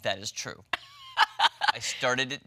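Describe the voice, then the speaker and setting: Man, morning news co-host, playful banter, lively pitch, bright tone. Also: drawn-out words. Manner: playful, animated, jokey. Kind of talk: casual on-air banter. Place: TV news studio.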